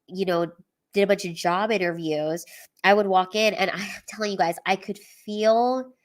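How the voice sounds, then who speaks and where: Woman, 30s, comedian, candid, teary, swearing, casual livestream. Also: medium pitch. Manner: candid, emotional, swears freely.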